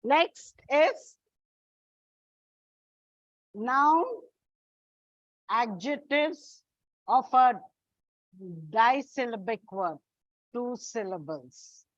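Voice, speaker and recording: Slow, high-voiced woman teaching English. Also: lively intonation, no room sound. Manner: slow, deliberate, addresses students as children. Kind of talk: classroom lesson. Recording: dull, lo-fi recording.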